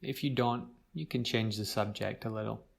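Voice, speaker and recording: A man teaching an English vocabulary lesson, speaking clearly and drawing out words to show their pronunciation. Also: fairly low pitch, fairly even intonation. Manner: slow, clear, stretches words to model pronunciation.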